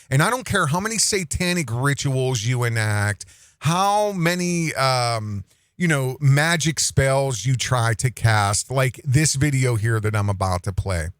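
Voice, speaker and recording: A man's voice: medium pitch, expressive, measured pace, a bit bright, no room sound, studio quality. A man hosting an online commentary show, talking casually in a mocking, rambling way and often repeating his phrases.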